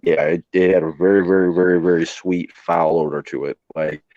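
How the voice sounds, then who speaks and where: A low, deep-voiced man with a dark, mellow tone tells rough, plainspoken stories in casual chat. His recording sounds dry and a little muffled. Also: steady tone, a little fast, dry recording. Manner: plainspoken, swears freely, acts out quoted voices. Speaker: host, former emergency responder. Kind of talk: casual storytelling on a live stream.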